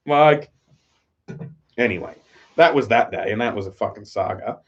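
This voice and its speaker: Low-voiced Australian man, rambling and profane. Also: moderate pace, pauses often, breathy edge. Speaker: YouTuber on a live stream. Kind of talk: casual live-stream chat. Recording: slightly dull lo-fi audio.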